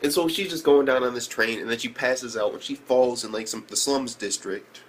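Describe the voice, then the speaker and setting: Casual male reviewer of mid pitch, cursing freely, rambling, with faint noise behind him. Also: moderate pace. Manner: profane, rambling, with shrill disbelieving outbursts. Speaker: anime reviewer.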